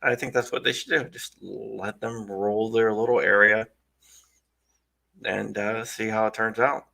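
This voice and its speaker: A man's voice: fairly low pitch, fairly even intonation, a little slow, gravelly, bright, forceful tone. A man hosting a casual interview, who asks questions in a joking, sarcastic way. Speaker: show host and interviewer.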